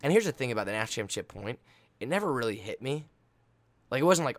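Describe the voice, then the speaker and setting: A young man, a college volleyball player, telling a game story in a casual, hyped way, laughing often and acting out his own yelling. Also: mid-range voice, sing-song, fast, dry recording.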